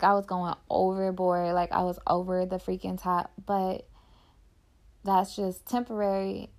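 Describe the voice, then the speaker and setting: Her voice is mid-range, gravelly, and somewhat dark. A young woman hosting a podcast, she shares personal reflections in a casual, candid, heartfelt way, using "like" constantly.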